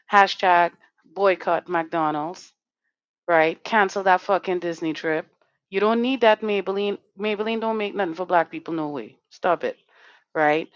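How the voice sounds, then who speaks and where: An emphatic woman hosts a live online talk show, her voice lowish and forceful. She swears freely and keeps tagging her points with "right?". The sound is muffled and dry. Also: no echo. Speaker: host.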